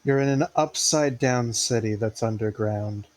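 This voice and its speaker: A man playing a tabletop game, dropping deadpan quips. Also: medium pitch, measured pace. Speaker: player. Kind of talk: casual tabletop play.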